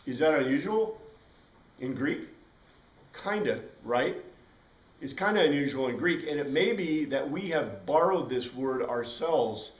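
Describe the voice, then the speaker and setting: A man teaching a Bible class in a casual, rambling way, spelling out words letter by letter. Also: mid-range voice. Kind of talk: informal classroom lecture. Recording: roomy classroom heard from a distance.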